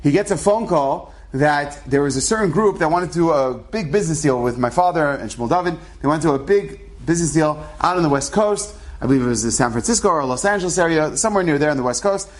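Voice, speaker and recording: Animated man telling a story, higher voice. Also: quick pace, hardly any pauses. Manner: animated, acts out quoted voices. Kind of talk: casual spoken storytelling.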